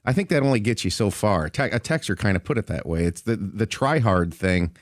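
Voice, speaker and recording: A man co-hosting sports talk radio, even-keeled and analytical, speaking into a studio microphone. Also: fairly low pitch, a little fast, no room sound.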